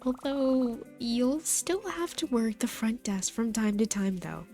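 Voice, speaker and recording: A woman voicing a scatterbrained, doting young librarian in a visual novel, in a bright, bubbly voice. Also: fairly high pitch, a little slow, faint music behind. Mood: teasing.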